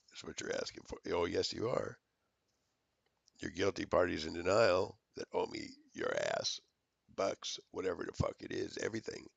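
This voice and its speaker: A man's voice: low-pitched, vocal fry, breathy edge, no room sound, lo-fi sound. A man in a rambling, profane, accusatory recorded rant.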